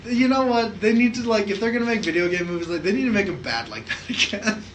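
Man, podcast co-host, casual chat, animated, profane, high voice, echoey room. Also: fast, slight background noise. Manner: animated, profane, excitable storytelling.

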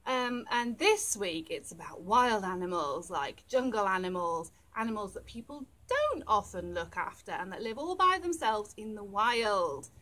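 A woman presenting a library rhyme time for small children, talking to them at home in an animated way and making playful animal noises. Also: mid-range voice, unhurried, few pauses.

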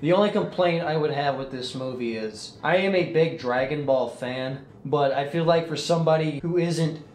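A man's voice: on the high side, moderate pace, hardly any pauses, darkish tone. A man co-reviewing a movie in casual chat, rambling through scenes and swearing casually. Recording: roomy with faint noise.

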